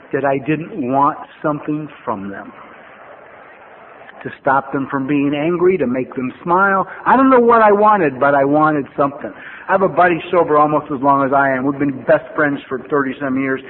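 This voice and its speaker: An older man telling his own recovery story at a meeting, blunt and profane, with wry humor and animated bursts. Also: a little high. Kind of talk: personal testimony talk with storytelling. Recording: phone-like lo-fi archival tape with faint hiss.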